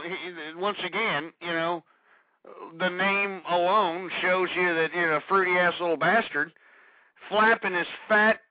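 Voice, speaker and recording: A man hosting a call-in radio show, delivering a profane, blustering rant that swings into yelling. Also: fairly high pitch, no echo. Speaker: radio talk show host. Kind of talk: ranting call-in radio monologue. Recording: muffled lo-fi internet radio.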